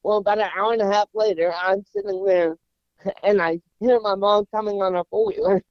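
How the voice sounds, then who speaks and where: A man in his forties, a guest telling a humorous personal story in an animated way, often repeating words as he starts a sentence. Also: sits high, fairly quick, no echo. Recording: slightly dull, muffled sound.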